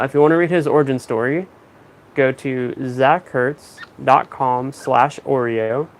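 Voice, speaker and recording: Laid-back young man with gravelly voice. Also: mid-range voice, a little hiss or hum, low-quality recording. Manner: laid-back, spells words out letter by letter. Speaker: vlogger and parrot owner. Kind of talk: casual chat to camera. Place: at home.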